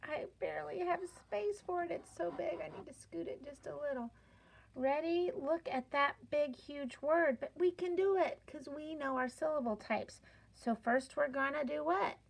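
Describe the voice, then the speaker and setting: A woman teaching a children's phonics lesson, spelling out sounds slowly and clearly with playful, encouraging emphasis. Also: sits high.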